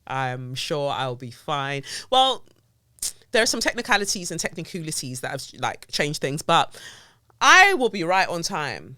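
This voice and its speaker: A woman's voice: sits low, very animated, unhurried, sharp tone, no room sound. A woman hosting a casual solo podcast from her home office, chatting playfully and drifting off topic as she talks into a close mic. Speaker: podcast host. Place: home office with window blinds up. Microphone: mic on a stand close to her face.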